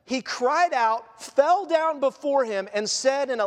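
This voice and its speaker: A man, a pastor, preaching a sermon in an animated way, acting out the scenes and voices of the story he tells. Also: extremely high pitch, measured pace, in a large hall.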